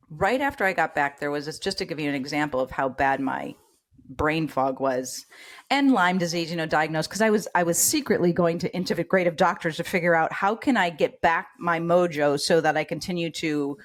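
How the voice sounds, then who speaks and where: A middle-aged nurse and educator, appearing as a podcast guest, tells her personal story at a moderate pace in a deep voice. She's animated and acts out the voices of people she quotes.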